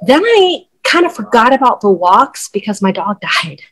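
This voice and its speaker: A woman's voice: on the high side, sing-song, normal speed, poor audio. A middle-aged woman, a wellness coach and podcast guest, telling a personal story candidly and conversationally with casual fillers.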